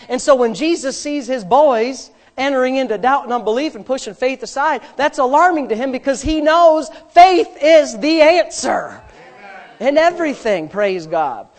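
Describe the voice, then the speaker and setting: A man pastor preaching a sermon, animated, swinging between loud and hushed, with humorous personal asides. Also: very high voice.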